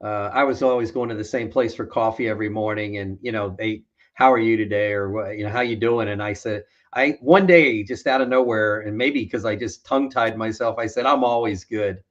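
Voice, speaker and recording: A man's voice: on the low side, a little fast, few pauses, a bit bright. Man, co-host, easygoing storyteller, muffled lo-fi audio. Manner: laid-back storyteller, chuckles often. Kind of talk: casual podcast chat.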